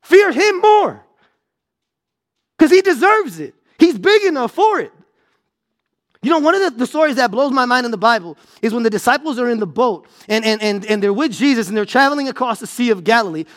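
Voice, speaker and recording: A man preaching a sermon, stressing points through repetition and swinging between loud exclamations and low, quiet lines. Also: very animated, fairly quick. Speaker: pastor.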